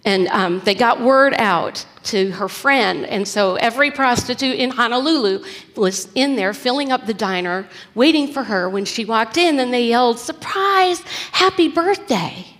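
A woman preacher delivering a storytelling sermon in a relaxed, conversational way. Her voice sits fairly high, and a long hall reverb follows every phrase. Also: normal speed.

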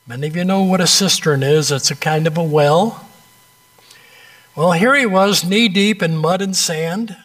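A man preaching a sermon, telling an illustrative story with dramatic pauses and a conversational, direct manner. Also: high voice, fairly bright tone.

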